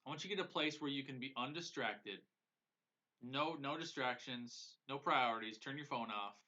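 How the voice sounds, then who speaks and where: A man's voice: mid-range voice, normal speed, sharp tone. A man coaching viewers on a live broadcast in an earnest, emotional way, often repeating phrases for emphasis. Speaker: business coach. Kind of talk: live-streamed motivational coaching. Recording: dull lo-fi audio.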